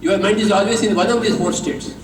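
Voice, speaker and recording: Indian man, spiritual teacher, high voice, emphatic and teasing, repeats his points, heard from afar in a big hall. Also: fairly even intonation, fast talker, slight background noise. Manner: emphatic and repetitive, teasing, leads call-and-response. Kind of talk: spiritual talk to a live audience. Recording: echoey hall, voice from a distance.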